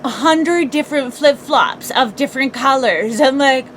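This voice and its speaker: High-voiced woman chatting and laughing. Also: moderate pace, a bit bright, a little hiss or hum. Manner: chatty, laughs often, rhetorical questions. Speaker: podcast co-host. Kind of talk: casual morning chat.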